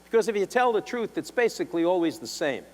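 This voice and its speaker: An older man with a New York accent, a defense attorney telling wry anecdotes to a symposium audience, clearing his throat now and then. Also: sits high, sing-song, fast, darkish tone. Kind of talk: storytelling talk. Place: lecture hall. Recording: long hall reverb.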